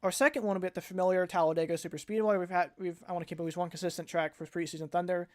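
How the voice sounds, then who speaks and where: Fast-talking young man rambling on stream. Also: high-pitched, steady tone. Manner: rambling, frequent self-corrections and restarts. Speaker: league organizer and streamer. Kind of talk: casual livestream announcement.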